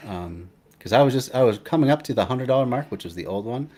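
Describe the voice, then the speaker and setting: A young man hosting a live stream, chatting casually in a rambling, halting way, with many restarts and fillers. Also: medium pitch, expressive, darkish tone. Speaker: livestream host.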